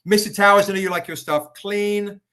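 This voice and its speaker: A man hosting a live stream, chatting with viewers by name and pitching comic editions in a casual, upbeat way. He sounds tired and says he is recovering. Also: steady tone, moderate pace, bright, forceful tone. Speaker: livestream host selling comics.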